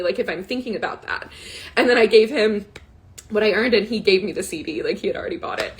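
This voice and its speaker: Her voice is medium in pitch, expressive, and fairly quick as she hosts a live money coaching talk in a casual style. Sharing a personal story with candor and emotion, this woman in her thirties grows tearful, nearly crying, and often drops "like" and "right?"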